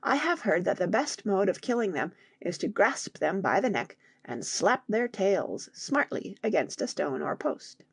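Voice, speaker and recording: A woman voicing a calm, wise father explaining things to his sons in an audiobook. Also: medium pitch, a little slow, creaky, hardly any pauses, slightly rough, dry recording, clean studio sound, heavily acted.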